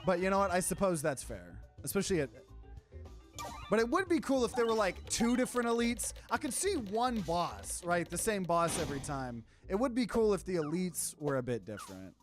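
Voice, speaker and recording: Gamer voice, casual let's play chatter, gets panicky and repeats stuff, swears a bit, really animated. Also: medium pitch, a little fast, soft background music. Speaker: gamer playing and commenting.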